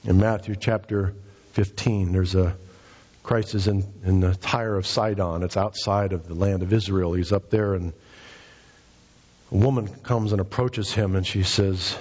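Pastor, male, husky voice, impassioned preaching style, dull lo-fi recording. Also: normal speed, darkish tone, in a large hall. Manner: impassioned preaching, rising in pitch for emphasis. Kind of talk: sermon. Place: church sanctuary.

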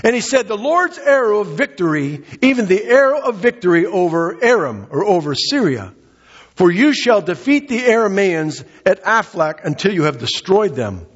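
A man's voice: high-pitched, sing-song, moderate pace, husky. A man preaching a sermon, reading a scripture passage aloud and explaining it earnestly. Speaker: pastor. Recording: dull lo-fi sound with long hall reverb.

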